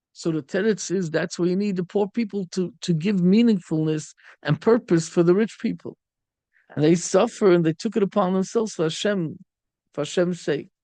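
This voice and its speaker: A rabbi gives a Torah lecture in a high voice, telling stories with animation and acting out the people he quotes. There is no room sound.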